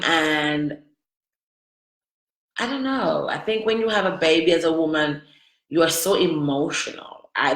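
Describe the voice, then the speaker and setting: A woman's voice: low-pitched, a bit bright. A woman telling her personal story to viewers, candid, emotional and confiding. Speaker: vlogger. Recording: roomy echo.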